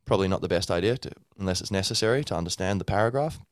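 A man with a low, deep voice talks in a loose, unscripted way, full of fillers and restarts. He explains things casually, as a podcast host would. The recording is dry and close, with no room sound. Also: very fast, no echo. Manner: rambling, with many fillers and restarts; acts out a learner's inner thoughts. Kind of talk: casual teaching monologue.

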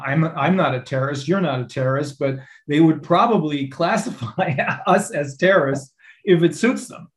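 German-accented man with an echoey sound. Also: a little high. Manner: halting, many fillers and restarts. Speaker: attorney, interview guest. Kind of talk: interview answers.

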